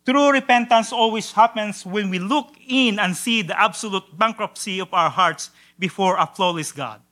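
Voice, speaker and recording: A man preaching with a high, bright, ringing voice. He swings between near-whispered solemn lines and loud, stretched-out exclamations, and stumbles and repeats words now and then as he goes. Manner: drawn-out emphatic quotations. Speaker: pastor. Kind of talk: sermon.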